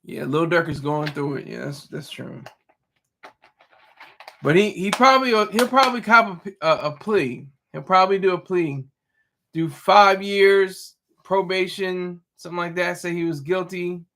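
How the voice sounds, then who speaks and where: Answering chat during a stream, a man speaks in a high, bright voice, offering loose, rambling commentary with slight background noise. He keeps stopping, restarting, repeating words, and correcting himself partway through sentences.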